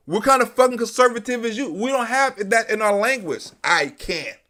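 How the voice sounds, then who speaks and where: A man's voice: high-pitched, expressive, a little slow, pushed and bright. A man hosting a live stream, delivering an emphatic, profane, repetitive political commentary rant.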